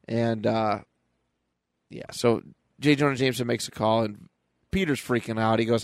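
A man co-hosting a podcast, recapping a comic book in casual chat and jumping into quick character voices as he goes. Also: medium pitch, steady tone, no room sound. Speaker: podcast co-host.

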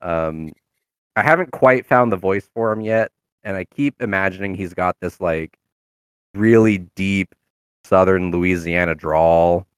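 A man's voice: low-pitched, a little slow, smooth, no room sound, clean studio sound. A man chatting casually about his game character, rambling with many fillers and restarts. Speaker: tabletop game player. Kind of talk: casual chat.

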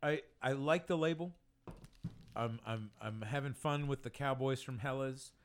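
A man's voice: medium pitch, unhurried. A man co-hosting a podcast, reviewing a beer in casual chat, hesitant and full of restarts. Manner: hesitant, overthinking, restarts a lot. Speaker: podcast co-host.

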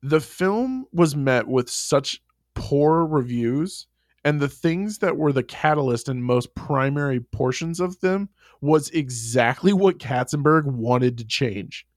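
A man co-hosting a podcast in casual chat, telling the story in a lively, swearing way with frequent laughs. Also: on the high side, takes it slowly, no room sound, studio quality. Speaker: podcast co-host.

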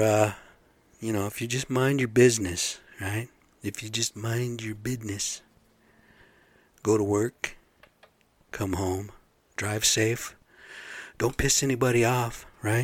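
A man's voice: medium pitch, no room sound, clean studio sound. A man hosting a casual vlog, rambling bluntly and swearing freely. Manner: rambling, blunt and profane, asks listeners "right?". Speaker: vlog host. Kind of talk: casual profane monologue.

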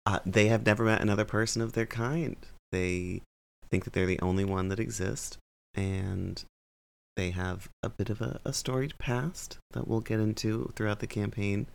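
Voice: mid-range voice, steady tone, normal speed, gravelly. A cheerful player describing a slime character in a tabletop game. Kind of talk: casual chat introducing a tabletop character.

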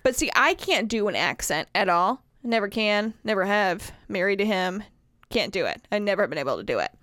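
A woman's voice: mid-range voice, very animated, a little fast, fairly bright tone, no room sound, clean studio sound. A woman from the northern US, co-hosting a casual chat in a blunt, profanity-laced way. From northern US, Wisconsin. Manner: blunt, swears freely, laughs often. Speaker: podcast co-host.

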